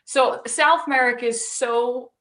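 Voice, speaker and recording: Woman host, bright and chatty, jokey and irreverent. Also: fairly high pitch, takes it slowly. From Long Island, New York. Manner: chatty, joking, swears casually. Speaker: podcast host. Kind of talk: casual chat.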